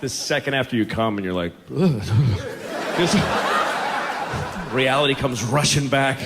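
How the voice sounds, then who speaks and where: A man in his forties doing stand-up comedy, with animated, profane storytelling full of exasperated self-mockery. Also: medium pitch, normal speed. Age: 40s. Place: stage before a laughing audience. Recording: noisy live recording with audience laughter.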